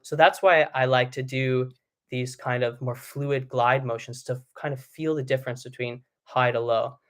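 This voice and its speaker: A man's voice: medium pitch, normal speed. Man coaching singing on a live stream. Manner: relaxed explaining with sung vocal demos. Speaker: vocal coach.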